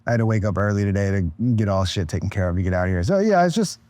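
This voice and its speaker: A man's voice: lowish voice, lively intonation, very fast, darkish tone, no room sound. A tired man in his thirties, a podcast guest, chatting casually in a rambling, laid-back way with plenty of swearing and restarts. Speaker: podcast guest, content creator.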